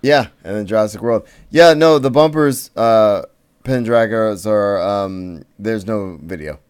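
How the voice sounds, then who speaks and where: Male podcast co-host, casual and rambling, low-ish and smooth. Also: measured pace. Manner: rambling, lots of fillers and restarts. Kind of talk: casual chat.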